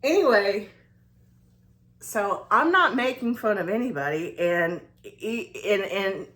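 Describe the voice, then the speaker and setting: A woman's voice: mid-range voice, expressive, slow pace, pushed and bright. Rambling Southern woman in her forties. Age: 40s. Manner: rambling, many restarts. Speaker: vlogger. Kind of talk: casual confiding story.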